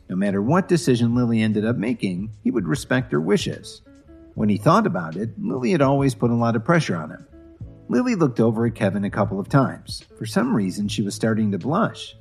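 A man narrating a scripted story in an expressive, animated reading. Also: fairly low pitch, brisk, vocal fry, slightly rough, faint music behind.

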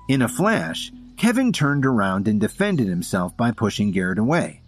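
Husky man narrating a story over music. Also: on the low side, big pitch swings, moderate pace. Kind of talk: scripted narration.

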